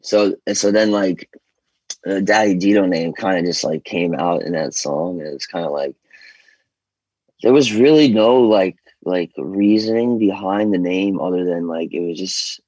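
A deep, husky American man from New York talks in a loose, rambling way, cursing casually as a guest. His voice has a gravelly fry. The recording is dry and close. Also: a little slow, darkish tone, no echo, low-quality recording. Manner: rambling, loose, swears freely. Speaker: guest vocalist. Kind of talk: casual interview chat.

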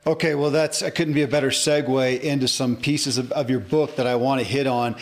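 A man's voice: medium pitch, steady tone, a little fast, noisy background. A man in his forties hosting a podcast interview, talking in an emphatic, rambling way with frequent restarts. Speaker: podcast host. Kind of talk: casual interview chat.

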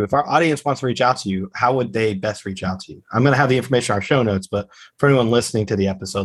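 A man's voice: lowish voice, breathy edge. Guy hosting a podcast, gushing over his guest, stumbles and restarts a lot. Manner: warm, effusive praise with filler restarts. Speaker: podcast host. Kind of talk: interview hosting.

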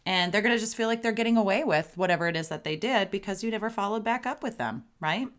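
A woman's voice: medium pitch, fast. A middle-aged woman hosting a parenting podcast, talking casually and acting out sample phrases for parents to say to their kids. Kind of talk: casual advice monologue.

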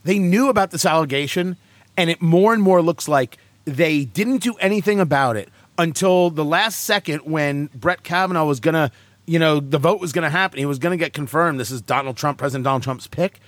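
With a slightly high voice and a completely dry recording, the talk show host rants and jokes sarcastically alongside his co-hosts. He comes across as animated, firing off quick asides.

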